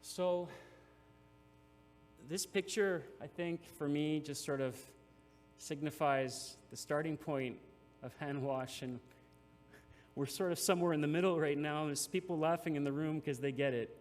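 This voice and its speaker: A man's voice: a little high, a little slow. A man, a nonprofit CEO, giving an earnest, emotional conference speech with frequent restarts. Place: large hall. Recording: reverberant hall with faint hum.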